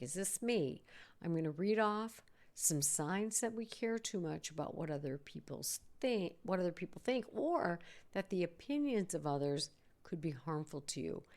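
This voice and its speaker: A woman's voice: low voice, creaky. A middle-aged woman hosting a podcast, talking casually and acting out worried inner voices. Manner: animated, acts out inner voices. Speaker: podcast host, psychologist.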